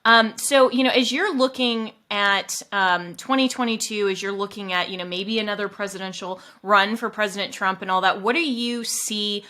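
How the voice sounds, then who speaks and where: Animated bright-voiced woman host. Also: mid-range voice, normal speed, hardly any pauses. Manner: animated, laughing often. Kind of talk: interview conversation.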